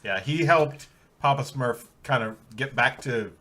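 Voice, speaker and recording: A man playing a comedy tabletop game, chatting lively as he recaps the story. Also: medium pitch, unhurried. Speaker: player. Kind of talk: casual comedy game chat.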